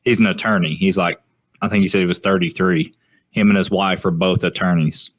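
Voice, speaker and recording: A man with a Southern US accent tells stories in a relaxed way. His voice is deep. He speaks in casual podcast chat. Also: a little fast. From Georgia, US. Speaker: podcast co-host, HVAC technician.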